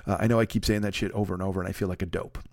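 A man in his forties hosts a solo comedy podcast and rattles quickly through tangents. His delivery is self-deprecating and salty. The recording sounds dry and close. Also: deep voice, fairly even intonation, a little mellow, no room sound. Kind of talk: casual rambling monologue. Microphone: studio microphone.

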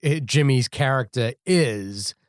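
A man's voice: mid-range voice, lively intonation, takes it slowly, no room sound. Opinionated man, podcast co-host, dry mic. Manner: opinionated, stammers on restarts. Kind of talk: casual movie chat.

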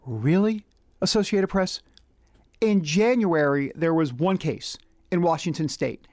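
A man's voice: a little high, measured pace, a little mellow, no room sound, studio quality. A man hosting a political commentary monologue, reading out quotes in an indignant, rhetorical manner.

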